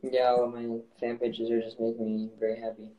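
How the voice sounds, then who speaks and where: A young man in his teens giving brief, flat replies in a casual live-stream chat. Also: mid-range voice, fairly quick, lo-fi sound. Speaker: livestream guest.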